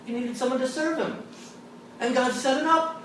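A man giving an animated storytelling talk as a theology lecturer, often dropping low and soft when he acts out the people he quotes. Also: normal speed, heavy reverb. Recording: distant mic, noisy live room.

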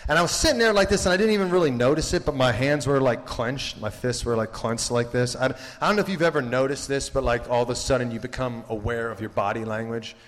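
A man's voice: mid-range voice, fast talker, few pauses. A man giving a casual, jokey faith talk to students as a campus ministry speaker, rambling with lots of "like" and "you know". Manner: rambling and jokey, heavy with 'like' and 'you know'. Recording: long hall reverb.

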